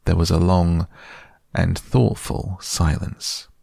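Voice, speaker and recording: A man narrating a children's storybook in a measured, gentle way. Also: deep voice, flat delivery, gravelly, slightly rough, no echo, studio quality. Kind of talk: storybook reading aloud.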